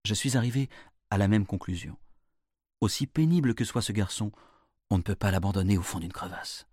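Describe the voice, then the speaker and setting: A man's voice: fairly low pitch, fast talker, a little mellow, breathy edge, no echo, clean studio sound. Man narrating a bilingual storybook.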